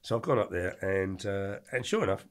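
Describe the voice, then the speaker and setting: An older man, telling colourful anecdotes as a podcast guest in an animated, slangy way. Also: sits low, fairly quick. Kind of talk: storytelling interview.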